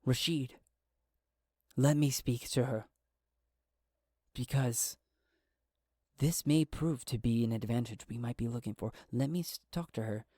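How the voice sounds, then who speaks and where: A man narrating a solo tabletop game and voicing a calm, persuasive male rebel who negotiates diplomatically. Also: medium pitch, no room sound, studio quality, close to an everyday voice. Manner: measured, diplomatic.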